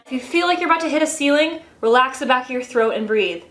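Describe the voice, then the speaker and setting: A woman teaches a singing lesson in a chatty, upbeat way. Her voice sits on the higher side, and it carries a noticeable room echo. She often breaks into demonstration sounds mid-sentence. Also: quick pace, few pauses, fairly bright tone. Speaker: vocal coach. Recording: roomy echo.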